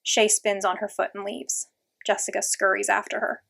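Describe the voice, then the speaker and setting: A woman reading a children's novel aloud in first person, in a steady, plain narrating voice. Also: medium pitch, normal speed, vocal fry. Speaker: audiobook reader.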